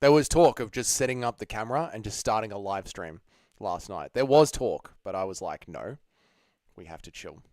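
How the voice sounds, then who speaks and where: An Australian man hosting a livestream, hungover and low on energy, chatting casually, swearing, and reading viewer messages. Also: expressive, brisk, a little mellow, dry recording, studio quality. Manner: laid-back, sweary, laughs easily. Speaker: livestream host.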